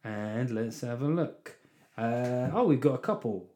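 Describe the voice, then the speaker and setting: A man's voice: mid-range voice, lively intonation, measured pace, dark tone. A man hosting his own podcast as a comedian, talking in a rambling, sweary, self-deprecating way. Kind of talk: solo podcast monologue.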